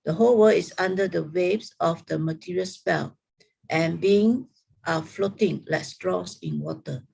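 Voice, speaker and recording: Gravelly husky woman reading scripture. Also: on the low side, a little slow, a little mellow, low-quality recording. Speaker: reader in an online scripture study group. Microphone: video call.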